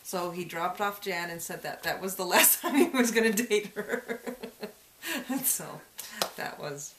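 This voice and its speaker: A woman's voice: lowish voice, measured pace, fairly bright tone. A woman telling a personal story in a folklore interview, chuckling often as she goes. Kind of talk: casual personal anecdote. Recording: echoey room.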